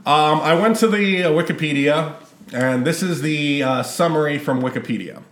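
A man in his mid-thirties chats loosely as a podcast host, rambling and laughing as he goes. His voice sits a little high. The room around him rings with echo. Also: normal speed, fairly bright tone. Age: 30s. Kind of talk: casual chat.

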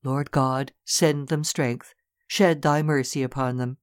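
Brief: reader playing an old priest, gentle and solemn, dry and close. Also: medium pitch, fairly even intonation, slow pace, smooth, no echo, lightly acted. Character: aged gentle male priest.

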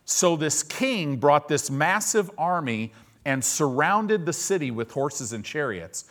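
Animated, slow-paced male preacher. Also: fairly high pitch. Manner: animated preaching with humorous asides; reads scripture aloud and explains it. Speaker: pastor. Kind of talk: sermon.

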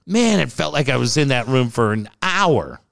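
Animated man telling a story. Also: normal speed, vocal fry. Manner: animated, acts out quotes with big pitch jumps. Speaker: guest telling a personal story. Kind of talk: casual storytelling.

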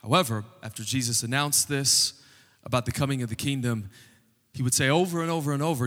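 Bright-voiced pastor in a reverberant hall. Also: male voice, mid-range voice, a little fast. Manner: conversational, joking asides to the congregation. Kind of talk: sermon. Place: church sanctuary.

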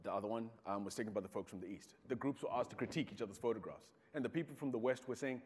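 A man's voice: on the low side, racing, a little mellow, husky. Zimbabwean man, talk speaker, storytelling style, hall reverb. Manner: storytelling, acts out quoted voices. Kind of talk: talk to an audience.

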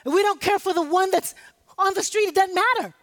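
A woman's voice: very high-pitched, a little fast, fairly bright tone. A woman preaching an impassioned sermon, rallying the congregation with call-and-response. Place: church sanctuary. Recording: live hall with long reverb.

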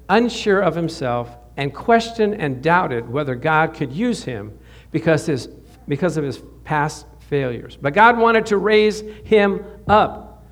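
A high-pitched man gives a sermon in a storytelling manner. He often laughs and restarts his words, and his voice jumps up sharply when he acts out cries of prayer. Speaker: pastor.

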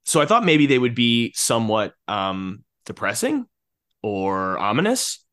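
A man's voice: medium pitch, big pitch swings, unhurried, a bit bright. A man co-hosting a podcast, talking casually and animatedly about a film, laughing often and restarting his sentences. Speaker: podcast co-host.

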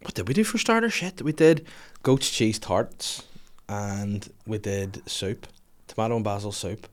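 Joking podcast host. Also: male voice, on the low side, a little slow. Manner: lively, joking, swearing freely. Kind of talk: casual chat.

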